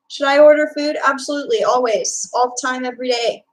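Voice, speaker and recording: Young woman, Texan accent, high-pitched, casual streamer chat, lots of fillers. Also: steady tone, normal speed, hardly any pauses, a little mellow, poor audio. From Texas. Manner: chatty, reads and answers chat, filler-heavy.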